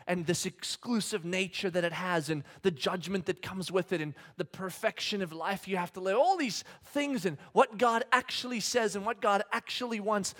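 Animated high-voiced male preacher. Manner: animated storyteller, acts out scenes, self-deprecating humor. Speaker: pastor. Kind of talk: sermon with personal stories. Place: church hall with congregation.

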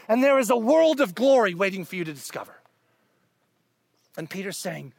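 A male pastor preaching a conversational sermon, asking the congregation questions and swinging between loud emphasis and hushed near-whispers. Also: high-pitched, animated, moderate pace, gravelly, dry recording.

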